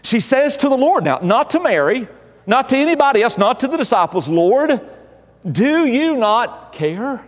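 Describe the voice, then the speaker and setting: High-voiced preacher in an echoing church. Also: male voice, sing-song, brisk. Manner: emphatic preaching with repeated phrases. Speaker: pastor. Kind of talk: sermon.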